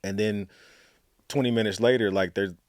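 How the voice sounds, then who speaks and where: A man's voice: on the low side, steady tone, normal speed, no echo, studio quality. A middle-aged man from Alabama, a guest telling stories in a casual, chatty way with lots of fillers. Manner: chatty, many fillers, acts out quotes. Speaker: guest, author and storytelling coach. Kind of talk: casual interview storytelling.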